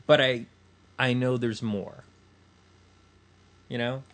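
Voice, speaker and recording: Soft-spoken rambling man. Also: mid-range voice, steady tone, slow, a little hiss or hum. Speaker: podcast co-host. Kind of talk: casual group chat.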